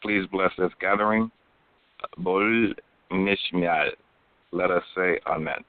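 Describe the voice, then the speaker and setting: A man, a guest on a radio panel, carefully reading out a prayer in a deliberate way. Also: deep voice, no room sound. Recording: dry tinny phone line.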